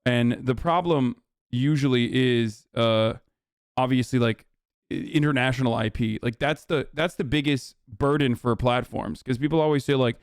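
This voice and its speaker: A man streamer talks in a loose, rambling way, restarting sentences and swearing as he goes. His voice is smooth and resonant. The sound is close and dry with no room echo. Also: mid-range voice, moderate pace. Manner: rambling, profane, many restarts. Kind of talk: casual chat.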